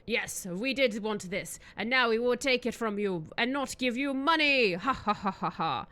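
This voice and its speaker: Lady putting on a smug gangster baddie, gloaty, bright voice. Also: fairly high pitch, expressive, normal speed. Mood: gloating. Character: gloating male gangster villain.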